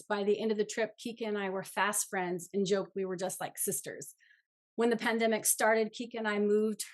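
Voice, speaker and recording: A woman co-hosting an online cooking class, reading prepared remarks and going through the plan in an organized way. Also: medium pitch. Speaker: co-host. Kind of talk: scripted class introduction.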